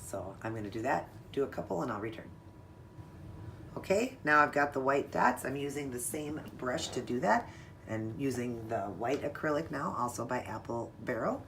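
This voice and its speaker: With vocal fry and a rumbling low, slightly bright voice, a woman chats her way through a casual step-by-step nail art tutorial, talking to viewers while she works. A little hiss or hum can be heard.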